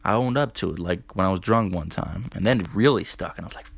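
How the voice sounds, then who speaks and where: A man's voice: low-pitched, quick pace, gravelly, hardly any pauses. A young man hosting a podcast, telling a loose, profane story in casual talk, full of "dude" and "like". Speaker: podcast host.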